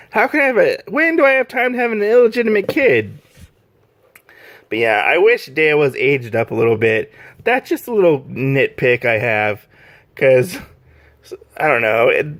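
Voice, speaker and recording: A man's voice: a little high, no room sound. A man giving a casual, rambling video review, gushing with enthusiasm and filling his talk with "like" and "um". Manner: rambling, heavy use of "like" and "um". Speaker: manga reviewer.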